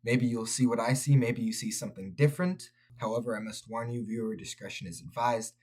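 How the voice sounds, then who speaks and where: A man's voice: mid-range voice, fairly even intonation, fairly quick, a little mellow. A man reviewing a film for his channel, talking straight to his viewers in an earnest, preaching way. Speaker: faith-based film reviewer.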